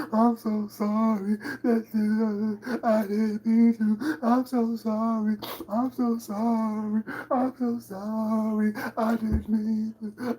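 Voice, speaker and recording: A mocking take on a person crying through apologies, put on by a woman. The voice sits high and drags each word out in a whiny sob. Her tone has a husky, breathy grain. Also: dark tone, rough recording. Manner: whiny, drawn-out mock crying. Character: sobbing apologetic person, mocked.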